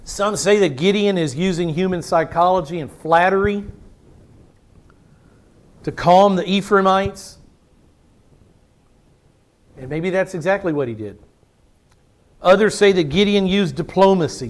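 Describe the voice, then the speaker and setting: A man's voice: sits high, measured pace, long pauses. A man preaching a Bible-teaching sermon, emphatic, asking rhetorical questions. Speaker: pastor.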